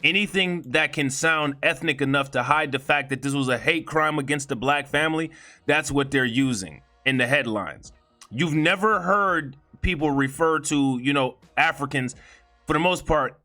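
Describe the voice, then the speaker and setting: A man's voice: mid-range voice, pushed and bright. A man giving a heated, profane commentary in a blunt, indignant way. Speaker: video commentator.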